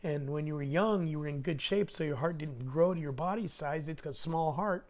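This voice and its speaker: Animated middle-aged man telling stories. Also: fairly high pitch, fairly quick. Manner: animated, slangy, acts out dialogue. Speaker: podcast guest. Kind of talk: casual storytelling.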